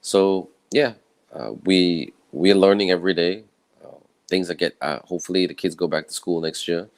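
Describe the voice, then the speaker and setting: A man from Malaysia, speaking in a croaky, tired voice in an earnest, conversational personal talk to camera. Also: low voice, normal speed, no room sound. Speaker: summit speaker. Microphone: own camera setup with a clip mic.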